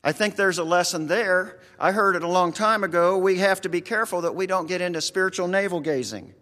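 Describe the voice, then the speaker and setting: A man's voice: high-pitched, brisk, pushed and bright, big-room sound. A man with a rural American accent preaching a conversational sermon, earnest and folksy, talking straight to his congregation.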